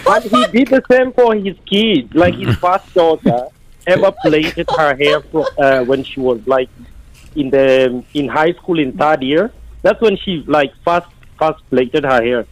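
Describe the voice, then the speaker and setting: A man calling in to a radio show, telling a story from his childhood in a rushed, plain way. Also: a little high, expressive, low-quality recording. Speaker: caller. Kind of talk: phone-in chat.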